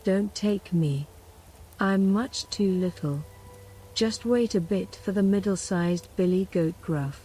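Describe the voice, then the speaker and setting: A tiny, meek little billy goat from a storybook pleads in whispered role-play, as a woman puts him on. The delivery is warm and very slow, with faint noise underneath. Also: medium pitch, natural voice, low-quality recording. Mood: pleading.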